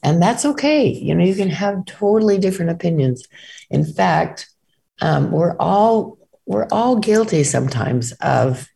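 A woman's voice: fairly low pitch, sing-song, a little slow, creaky, mellow. A middle-aged woman co-hosting a talk, speaking earnestly in a casual way and sometimes reading passages aloud. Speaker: co-host.

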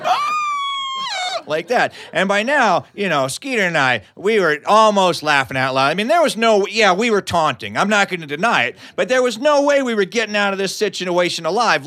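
A man's voice: high-pitched, pushed and bright. A man from West Virginia telling a humorous tall tale live, with comic asides and chuckles. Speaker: storyteller. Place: studio, live audience.

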